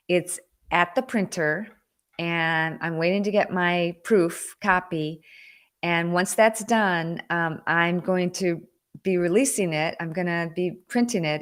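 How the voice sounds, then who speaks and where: A middle-aged woman chatting casually to viewers on a live video, rambling and getting emotional as she talks. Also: fairly low pitch. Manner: frequent restarts and fillers. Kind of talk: casual live-stream chat.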